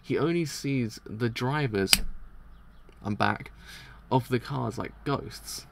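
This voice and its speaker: A man reading aloud as a cold, commanding male mafia boss, speaking in calm, measured instructions. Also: medium pitch, creaky, heavy background noise. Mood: cold, instructing.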